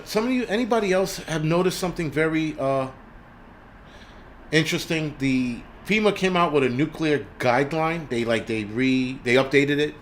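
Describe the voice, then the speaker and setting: A man's voice: mid-range voice, slight background noise. A man hosting a livestream, ranting in a blunt, heated and profane way, reading viewer names and answering them. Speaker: livestream host. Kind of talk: casual livestream rant.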